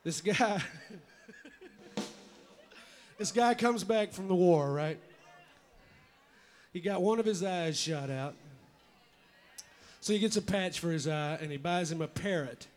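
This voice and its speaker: A man's voice: high voice, slow pace, long pauses. A man on stage telling a long joke in a loose, conversational way, with casual swearing. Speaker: stand-up joke teller and musician.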